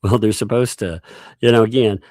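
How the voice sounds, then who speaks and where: A man with a fairly low, slightly mellow voice hosts a casual livestream, speaking at a moderate pace with fairly even intonation. He reads court documents aloud, laughing often and joking in asides between lines. The recording is dry and studio quality.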